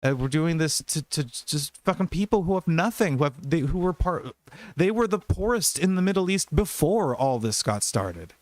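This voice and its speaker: A man's voice: fairly high pitch, expressive, normal speed, a little mellow, dry recording. A man in casual political podcast chat, ranting in a heated, profane, rambling way. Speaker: podcast host.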